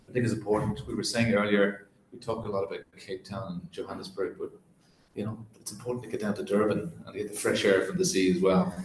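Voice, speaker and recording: A man who is an ambassador from Ireland, giving a formal welcome speech at an event, measured and halting with fillers. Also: fairly low pitch, steady tone, slight background noise. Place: large echoey event hall. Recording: echoey hall.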